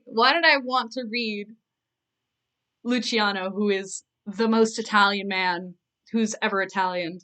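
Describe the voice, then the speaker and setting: A woman's voice: mid-range voice, a little slow, fairly bright tone. A woman author reading her own novel aloud on a live stream, breaking off for self-mocking asides.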